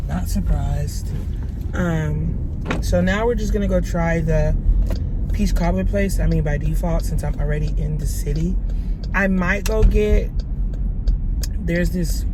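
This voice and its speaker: A woman's voice: lowish voice, background noise. A woman vlogging in a casual, chatty way, rambling and repeating herself as she talks to her viewers. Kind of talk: casual vlog chat.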